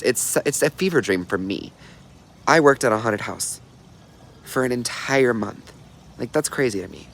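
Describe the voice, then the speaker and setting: A man's voice: mid-range voice, a bit bright, a little hiss or hum. A young man chatting casually on a livestream, bubbly and talkative, reading viewer comments and telling stories. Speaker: livestream host.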